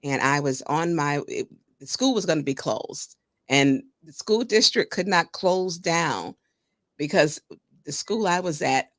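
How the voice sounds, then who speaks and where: A woman hosting a local talk show, telling stories with laughs breaking through. Her voice sits low but swings widely in pitch. The sound is dry and close. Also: unhurried, no echo. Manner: storytelling, animated, laughs while talking. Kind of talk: casual interview chat.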